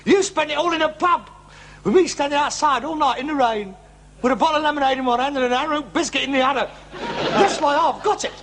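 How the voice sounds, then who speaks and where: A whiny dramatic son who thinks he's dying, sitcom, pitched up. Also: quick pace, a bit bright, a little hiss or hum. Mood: indignant. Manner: theatrical, self-pitying. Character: melodramatic hypochondriac grown son, put-upon.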